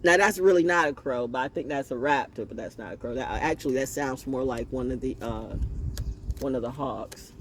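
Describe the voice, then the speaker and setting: A man telling a rambling spiritual story outdoors, confrontational and animated, with laughing asides. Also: mid-range voice, brisk, slight background noise. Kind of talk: rambling casual monologue.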